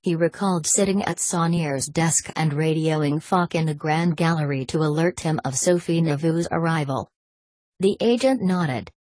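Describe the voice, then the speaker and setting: A woman narrating a thriller audiobook in a steady, even reading voice. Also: low voice, moderate pace, no room sound.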